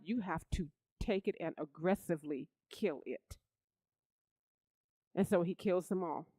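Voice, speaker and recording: Preacher, sermon delivery, animated storyteller, mid-pitched, dry close sound. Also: no echo, poor audio. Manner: animated storytelling, rising loud for emphasis; repeats words and restarts.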